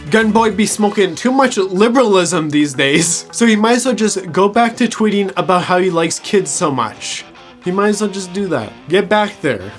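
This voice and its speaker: A TV reviewer whose voice sits high and a bit bright recaps an episode crudely and casually. He mocks it, swears, and laughs at his own jokes.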